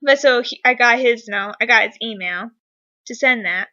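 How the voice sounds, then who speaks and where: Bright-voiced young woman rambling excitedly. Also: fairly high pitch, moderate pace. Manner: rambling, filler-heavy, excitable. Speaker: vlogger. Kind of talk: casual storytelling to camera. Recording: dull lo-fi webcam audio.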